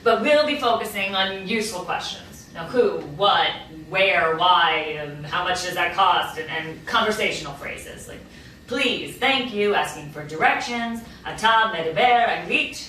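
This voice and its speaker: An actress reading the part of a patient, dry-witted Hebrew tutor in a virtual play reading. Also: female voice, lowish voice, lively intonation, moderate pace, bright, forceful tone, slight background noise. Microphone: remote video call mic. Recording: echoey room, distant mic, faint ambience.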